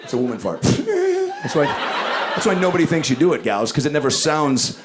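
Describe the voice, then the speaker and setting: A man in his forties doing a profane, rapid-fire stand-up set, with mumbled asides and loud bursts, on a handheld mic on a club stage. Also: fairly high pitch, wildly swooping pitch, very noisy. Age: 40s. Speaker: stand-up comedian. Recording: loud audience laughter and room ambience.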